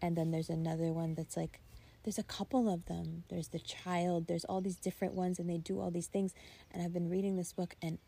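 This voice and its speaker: Rambling young woman, low voice. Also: a little fast, vocal fry, breathy edge. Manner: rambling, animated storytelling with frequent "like" and bursts of laughter. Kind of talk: casual chat.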